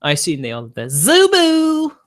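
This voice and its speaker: A man's voice: on the high side, animated, normal speed, fairly bright tone. A young man, arguing defensively with his live-stream chat and laughing between points.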